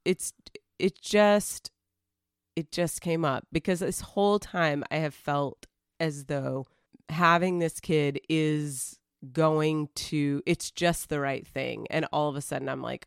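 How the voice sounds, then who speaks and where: A woman's voice: low voice, steady tone, slow, vocal fry, clear, resonant tone, no room sound, clean studio sound. A woman co-hosting a podcast, speaking candidly and emotionally in casual conversation, pushing back at times. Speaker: podcast co-host.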